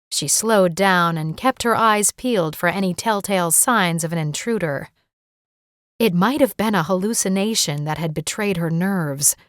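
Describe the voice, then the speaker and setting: A woman narrating a romantic suspense audiobook in a steady, suspenseful reading. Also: medium pitch, no echo, studio quality. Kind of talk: scripted narration.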